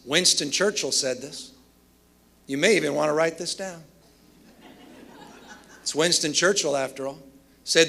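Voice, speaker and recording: A man's voice: on the high side, measured pace, gravelly, pauses often, pushed and bright. A man delivering a commencement speech, telling emphatic stories with self-deprecating humor. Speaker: commencement speaker.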